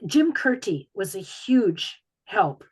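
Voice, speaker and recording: A woman with an Upper Peninsula Michigan accent talks at a middling pitch in a relaxed, chatty way. She tells stories with plenty of ums and restarts, as an author answering questions over a video call. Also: slow, breathy edge, poor audio. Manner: chatty storytelling with frequent ums. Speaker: author guest. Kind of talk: casual talk in a video call Q&A.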